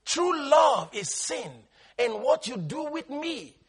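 A man preaching a sermon as pastor, calling on the congregation to respond and rising into shouts as he quotes scripture. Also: very high-pitched, big pitch swings, slow. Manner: quotes scripture in King James wording.

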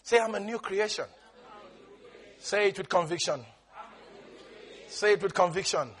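Male pastor, very high husky voice, bright and forceful, emphatic sermon with call-and-response. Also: unhurried. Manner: emphatic, shouting lists and calls for responses.

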